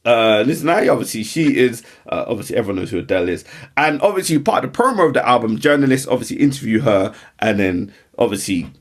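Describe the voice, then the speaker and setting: Lively rambling man on a podcast. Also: mid-range voice, fast talker. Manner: rambling, repeats "obviously" a lot, teasing. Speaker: podcast co-host. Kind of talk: casual podcast banter.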